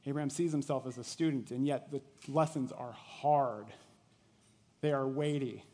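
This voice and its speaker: Conversational preacher in an echoing hall. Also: male voice, mid-range voice, normal speed, warm tone. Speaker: pastor. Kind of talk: sermon. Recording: long reverb of a large hall.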